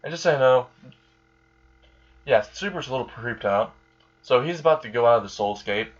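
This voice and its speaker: Casual male storyteller; rambling, filler-heavy, mid pitch, muffled lo-fi sound. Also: animated, normal speed. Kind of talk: improvised fan story narration. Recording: dull lo-fi recording.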